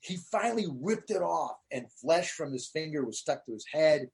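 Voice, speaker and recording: Comedian guest, husky and a touch high, animated storyteller in a casual interview. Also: male voice, moderate pace. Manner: animated storyteller, acts out quotes.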